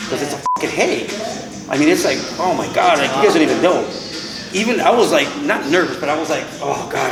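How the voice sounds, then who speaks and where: Blunt, profane boxing trainer in an echoey gym. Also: male voice, a little high. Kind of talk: blunt coaching talk. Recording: echoey hall with long reverb.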